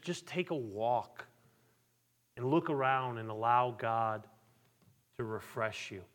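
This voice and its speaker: A man's voice: mid-range voice, a bit bright. A male pastor preaching a sermon, asking the congregation questions and repeating his words. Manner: preaching with rising fervor and call-and-response questions; repeats words, stammering restarts. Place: church sanctuary. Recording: long church reverb.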